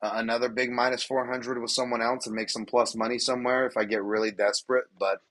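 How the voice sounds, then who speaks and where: A man with a middle-pitched voice hosts a casual podcast, talking animatedly and poking fun at himself. His delivery bounces around as he riffs. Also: fast talker. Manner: animated, self-deprecating, laughs and jumps in pitch. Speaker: podcast host. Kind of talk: casual podcast chat about fight betting.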